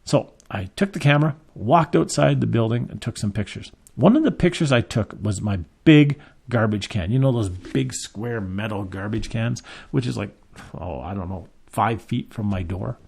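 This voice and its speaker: Gravelly man telling a photography story. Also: moderate pace. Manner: lively storyteller, acts out quotes with big pitch jumps. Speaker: photography shop owner and teacher. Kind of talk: anecdotal storytelling lesson.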